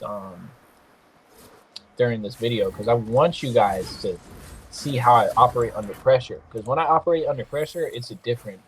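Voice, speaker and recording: A young man commenting on his own mobile game match, excitable and swearing freely, with quick apologetic asides. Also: medium pitch, a little hiss or hum. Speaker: gaming podcast host. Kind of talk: casual gameplay commentary.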